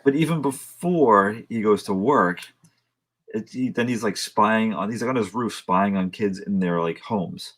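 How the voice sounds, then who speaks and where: A man with a husky voice co-hosting a casual film review podcast, relaxed and full of "like". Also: on the low side, a little slow. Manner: relaxed, many "like" fillers. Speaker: podcast co-host.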